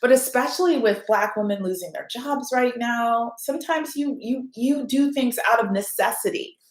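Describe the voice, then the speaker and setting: A woman's voice: on the high side, moderate pace. A middle-aged woman hosts a casual live chat, talking freely and reading out viewer comments as she goes. She swears casually and keeps a loose, conversational flow. Her voice carries some echo from the room. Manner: chatty, reads viewer comments aloud, curses casually. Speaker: podcast host. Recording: echoey room.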